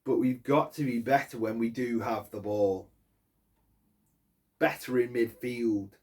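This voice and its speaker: A man's voice: medium pitch, steady tone, measured pace, darkish tone. A man giving an angry post-match fan rant, swearing heavily and hammering his points. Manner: angry, heavy swearing, emphatic. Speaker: football fan vlogger.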